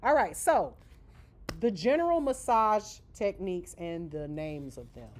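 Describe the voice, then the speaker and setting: A woman's voice: mid-range voice, sing-song, a little slow. A woman teaching a live beginner manicuring class, chatty and casual, checking in with "okay?" after nearly every point while she demonstrates with her hands. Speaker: nail school instructor.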